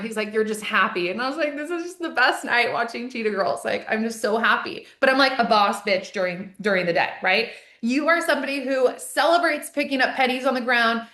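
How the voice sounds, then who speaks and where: Hyped woman coach, echoey room. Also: fairly high pitch. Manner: energetic, gushing, swears freely. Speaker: business coach hosting a masterclass. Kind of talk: hyped live-stream pep talk.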